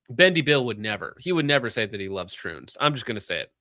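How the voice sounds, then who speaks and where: Streamer host, male, sarcastic and joking, bright close dry voice. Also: mid-range voice, animated, no room sound. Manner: sarcastic, joking, quick asides. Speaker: streamer reading donations. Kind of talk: casual livestream chat.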